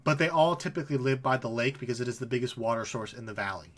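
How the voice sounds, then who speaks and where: A man's voice: medium pitch, fairly even intonation, fast talker, fairly bright tone. Man, game master, casual tabletop narration, laughs easily. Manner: casual, laughing, voices figures briefly.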